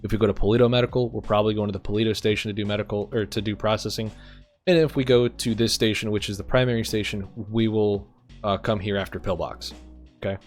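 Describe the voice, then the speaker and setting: A man in a roleplay game, playing a police sergeant who explains arrest procedure to recruits in a steady, methodical way with frequent ums. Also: lowish voice, quick pace, soft background music. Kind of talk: instructional roleplay briefing.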